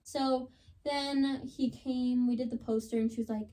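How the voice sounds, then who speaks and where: A woman's voice: high voice, fairly even intonation, measured pace, dark tone. A young woman on a podcast, chatting casually and dramatically retelling a story, with lots of "like.". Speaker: podcast co-host.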